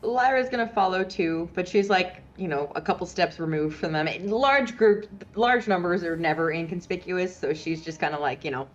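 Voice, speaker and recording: A woman's voice: lowish voice, moderate pace, few pauses. A woman playing a tabletop role-playing game, giggly and rambling with lots of fillers. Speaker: player. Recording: dull lo-fi sound.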